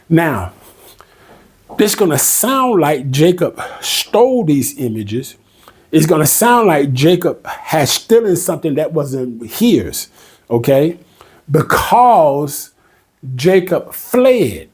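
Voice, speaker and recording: A man teaching an informal Bible study, reading scripture aloud slowly and explaining it in an emphatic, repetitive way, often checking in with "okay?". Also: medium pitch, very animated, a little mellow, husky.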